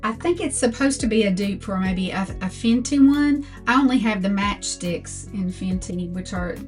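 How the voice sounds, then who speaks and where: A woman's voice: mid-range voice, soft background music. An older woman giving a chatty makeup tutorial as a beauty vlogger, talking through products one by one. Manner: slow, chatty product talk.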